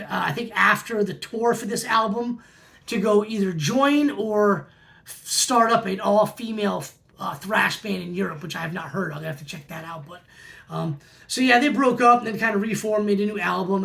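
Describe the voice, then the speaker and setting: Vlog host, forties, gravelly voice of middling pitch, keen and chatty. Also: a bit bright. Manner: enthusiastic, repeats praise words. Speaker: metal record collector host. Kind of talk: casual album review vlog.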